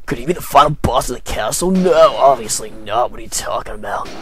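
A man's voice: medium pitch, expressive, a little fast, a bit bright, a little hiss or hum. A man casually commenting while playing a video game, rambling and joking at his own expense. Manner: rambling, jokey, self-deprecating. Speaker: let's play gamer.

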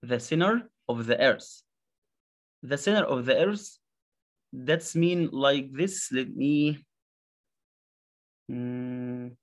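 A man with an Egyptian accent teaching an English lesson, halting with many fillers and repeated words as he drills pronunciation. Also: medium pitch. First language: Arabic. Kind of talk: slow classroom explanation.

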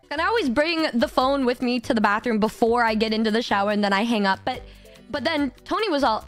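Woman streamer in her 20s, high bright voice, giggly, swears a lot, stumbles over words, soft music under her. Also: fairly quick. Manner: giggly, swears freely, stammers and repeats words. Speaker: vtuber streamer. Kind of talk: casual storytelling chat.

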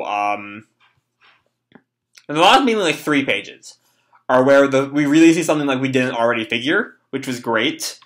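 Bright-voiced young man rambling casually. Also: medium pitch. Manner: rambling, swears, many fillers. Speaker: manga reaction host. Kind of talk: casual live reading and reaction.

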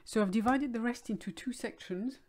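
A woman's voice: fairly high pitch, brisk, darkish tone. A woman from France with a French accent, teaching a video lesson and listing words one by one in a patient, explanatory way.

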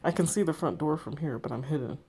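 A woman reading the texts of a young woman hiding from a stalker, hushed and tense. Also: low voice, fast talker, slightly rough, heavily acted. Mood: scared. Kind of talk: text story read aloud.

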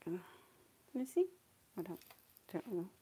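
A woman's voice: fairly low pitch, very animated, a little slow, warm tone, slightly rough. A woman hosting a live watercolour demo, thinking aloud, trailing off and answering viewer comments as she paints. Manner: chatty and self-deprecating, thinks aloud, often trails off. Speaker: watercolour artist and channel host.

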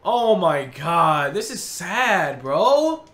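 Male gaming creator, slow exasperated ranting commentary with big pitch swings, roomy echo. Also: sing-song, fairly bright tone, slight background noise. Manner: exasperated, ranting, frequent groans and sighs. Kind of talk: video game pack opening commentary. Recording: roomy echoey recording.

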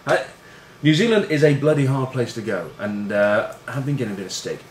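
A man's voice: mid-range voice, lively intonation, fairly quick. A middle-aged man, a former rugby player, telling stories casually, self-deprecating and swearing, with lots of fillers. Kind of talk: casual storytelling. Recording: roomy room echo with faint noise.

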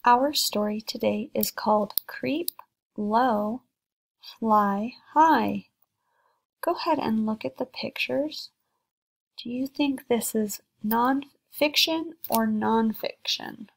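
A woman teacher reading a children's story aloud, slowly and deliberately, pausing between short phrases. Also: a little high, creaky. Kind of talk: slow read-aloud lesson for children.

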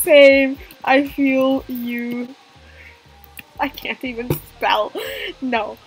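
A woman giving playful, excitable commentary while playing a game, gasping and joking as she goes. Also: high voice, drawn-out words, soft background music. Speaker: gamer.

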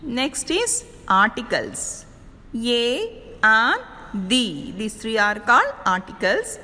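A woman lecturer with a fairly high voice speaks very slowly, pausing often, and spells out words one letter at a time. Her pitch rises and falls a lot as she explains. The recording carries a long echo, as from a reverberant room. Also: big pitch swings, bright, forceful tone. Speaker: college English teacher.

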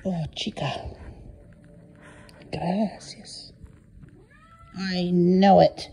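A woman cat sitter talking softly to a cat, cooing and half-whispering, sprinkling in Spanish words, recorded on a phone at home. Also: fairly low pitch, animated, slow, creaky, long pauses, husky, rough recording. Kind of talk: affectionate talk to a cat.

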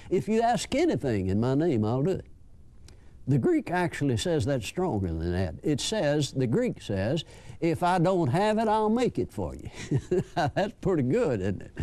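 Older preacher, folksy and chuckling, lively up-and-down delivery, slightly high voice. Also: male voice. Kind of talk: sermon.

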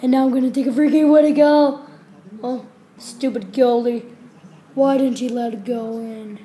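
A high-pitched woman with a mellow, rounded tone, hamming through an improvised comic skit. She rambles in quick, silly bursts and breaks into squealed whoops of celebration. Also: fairly even intonation. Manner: hyper, silly, rapid rambling with squealed cheers. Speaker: comedy video maker.

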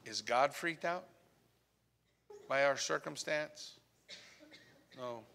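A man's voice: mid-range voice, takes it slowly, vocal fry, slight background noise. Earnest male pastor preaching in a church. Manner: earnest preaching, dropping to a hushed voice on key points. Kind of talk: sermon. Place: church sanctuary. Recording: long church reverb.

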